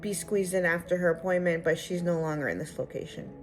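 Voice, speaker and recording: A woman's voice: on the low side, fairly quick, a little hiss or hum, lightly acted. A woman voicing a polite young woman receptionist who sounds chirpy and helpful.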